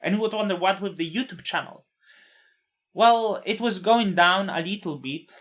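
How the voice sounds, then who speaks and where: A man's voice: sits high, moderate pace, fairly bright tone. A man in his thirties, not a native English speaker, telling a personal story in a candid, blunt way, with swearing and frequent restarts.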